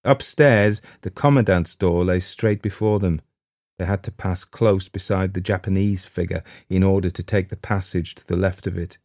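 A man reading a supernatural short story aloud in a measured, steady narration. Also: low voice, no room sound, clean studio sound. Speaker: audiobook narrator. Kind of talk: scripted narration.

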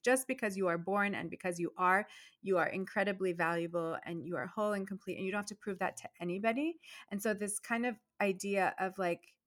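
A woman's voice: mid-range voice, a bit bright. A middle-aged woman, a dentist and entrepreneur, telling her story animatedly in an interview, drifting into tangents. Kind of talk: casual interview conversation.

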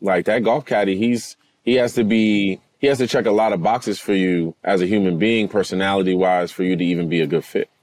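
A man talking in a casual podcast chat, telling stories in a slangy, animated way, recorded outdoors on a golf course. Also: deep voice, a little fast, few pauses, no room sound. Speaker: podcast guest, former NFL player.

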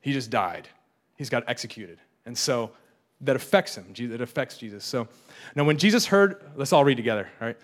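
A man's voice: mid-range voice, a little fast. A young adult man preaching a casual, joking sermon, often repeating and restarting his words. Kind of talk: conversational sermon.

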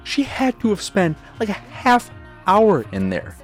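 A man's voice: high-pitched, wildly swooping pitch, unhurried, faint music behind. A young man ranting through a casual game review, profane, sarcastic and exasperated.

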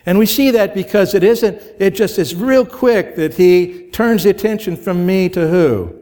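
A man's voice: high-pitched, warm tone. A man preaching a sermon to a congregation in a conversational way, asking rhetorical questions and growing emphatic as he goes. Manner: grows emphatic and quickens when stirred. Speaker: pastor.

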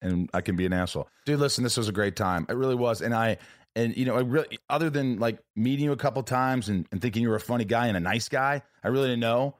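A man hosting a casual podcast, upbeat and quick to laugh. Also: mid-range voice, no room sound, studio quality. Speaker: podcast host.

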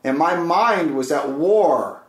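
A man's voice: fairly high pitch, lively intonation, slow pace. A man telling a personal story in casual conversation, earnest and rambling, often stopping and restarting. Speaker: guest. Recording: roomy echo.

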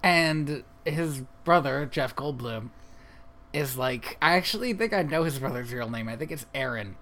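A man's voice: medium pitch, animated, moderate pace, pushed and bright. A man co-hosting a podcast, recapping a movie in a wry, casual way and laughing at his own jokes. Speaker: podcast co-host.

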